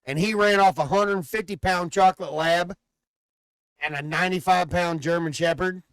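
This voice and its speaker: A man co-hosting a casual podcast, telling long, profane, animated stories about his dog. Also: high-pitched, moderate pace, clear, resonant tone, no room sound. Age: adult father. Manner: profane, animated rambling storyteller. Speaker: podcast co-host. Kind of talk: casual chat, storytelling.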